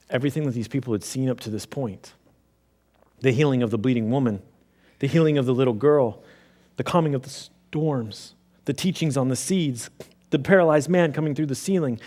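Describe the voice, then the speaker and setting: Male preacher, dramatic first-person storytelling, big shifts between hushed and loud. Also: mid-range voice. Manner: theatrical, swings from hushed to loud. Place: church sanctuary.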